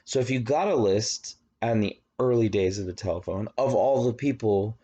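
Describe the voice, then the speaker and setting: A man's voice: lowish voice, moderate pace, warm tone, breathy edge, dull audio. A man from Virginia teaching a recorded college lecture on government, chatty, with rambling asides and frequent fillers. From Virginia, United States.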